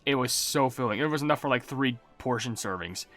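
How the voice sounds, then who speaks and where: Laid-back rambling young man, bright voice. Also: medium pitch, lively intonation, fairly quick, soft background music. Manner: rambling, self-mocking, swaps swear words for silly substitutes. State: just woke up. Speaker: gaming YouTuber. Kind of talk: casual commentary reading comments.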